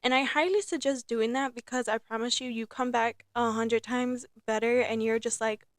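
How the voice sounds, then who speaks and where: A young woman hosting her own podcast in casual, rambling talk, repeating herself and filling pauses with um and like. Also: fairly high pitch, steady tone, no room sound, studio quality. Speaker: podcast host. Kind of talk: casual solo podcast chat.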